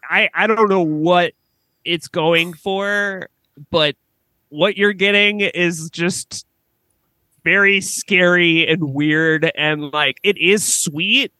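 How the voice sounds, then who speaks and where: Rambling bright-voiced woman guest. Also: lowish voice, slow, dry recording. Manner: rambling, full of "like" and restarts; laughs often while talking. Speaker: guest filmmaker. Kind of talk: casual podcast chat.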